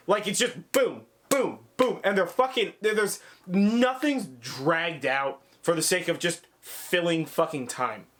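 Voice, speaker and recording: A man with a slightly high voice, gushing over a film in a casual review chat. He is excitable and swears freely. He jumps into quoted voices to act out scenes. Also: unhurried, hardly any pauses. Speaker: podcast co-host reviewing films.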